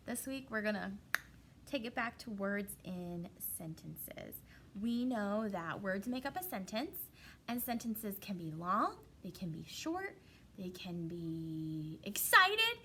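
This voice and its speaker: A woman's voice: medium pitch, sharp tone, slight background noise. A young woman teaching an online kindergarten class in a playful, sing-song way, stretching her words and often repeating herself.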